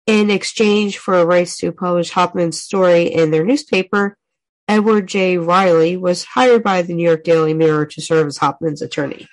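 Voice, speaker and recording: Low-voiced woman, podcast co-host. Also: normal speed, rough recording. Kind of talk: casual chat and reading aloud.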